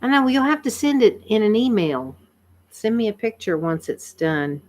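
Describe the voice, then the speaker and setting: A woman, chatting casually with viewers on a livestream, tired and a bit croaky, laughing often and rambling with fillers. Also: mid-range voice, very animated, moderate pace, darkish tone. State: tired, frog in her throat. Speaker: livestream host. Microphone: computer microphone.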